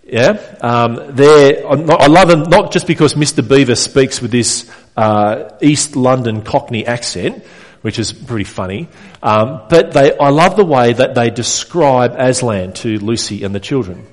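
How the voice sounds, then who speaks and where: A pastor preaches a sermon to his congregation in a reverberant church hall, his mid-range voice full of lively intonation and his pace unhurried. He is earnest and direct, often putting questions to his listeners.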